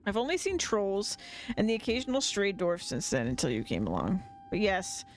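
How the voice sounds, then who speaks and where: A streamer voicing a man in a bear suit who poses as a grandiose mountain god, speaking in slow, menacing pronouncements. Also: medium pitch, wildly swooping pitch, soft background music. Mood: confiding. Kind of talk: reading game dialogue aloud on a livestream.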